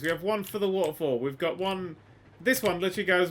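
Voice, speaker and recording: A man giving casual let's-play commentary, excitable and sweary, swinging from quiet mutters to loud exclamations. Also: a little high, brisk, a little hiss or hum. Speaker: gaming YouTuber.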